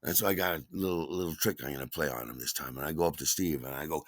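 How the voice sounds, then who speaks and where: An older man hosting a podcast, telling a personal story in an animated way, acting out voices and sound effects. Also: rumbling low, quick pace, hardly any pauses, no room sound. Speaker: podcast host.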